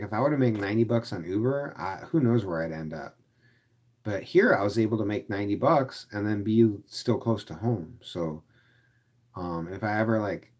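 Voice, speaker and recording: A man's voice: lowish voice, background noise. A man who drives for ride-share, chatting casually and rambling, filling his talk with "like" as he answers viewers. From Los Angeles area. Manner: rambling, heavy use of "like". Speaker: rideshare driver vlogger.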